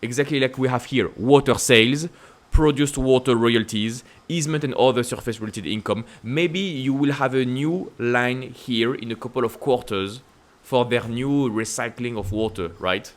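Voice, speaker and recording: French-accented man talking stocks. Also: normal speed. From France. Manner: emphatic, repetitive rhetorical questions with sudden upward pitch leaps. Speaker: investing channel host. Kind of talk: casual stock-market commentary to camera.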